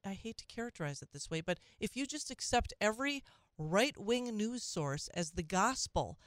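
A woman's voice: mid-range voice, no echo, studio quality. A woman hosting a call-in talk radio show, speaking conversationally with frequent restarts and asides.

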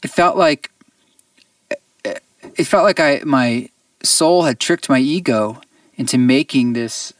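A man, a musician guest on an interview show, tells a personal story in an earnest, reflective way with halting restarts. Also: mid-range voice, dry recording, far from the mic.

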